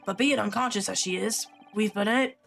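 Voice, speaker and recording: A woman voicing a gruff middle-aged male police inspector in a video game, with a rough chain-smoker rasp and a formal, officious way of reporting. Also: medium pitch, normal speed, a bit bright, faint music behind. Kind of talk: voicing a game character on stream.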